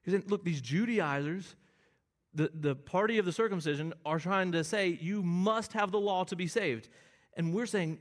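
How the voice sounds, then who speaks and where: A male pastor preaching a Bible sermon in a fairly high voice. He explains the text earnestly and climbs to emphatic, drawn-out peaks on key lines.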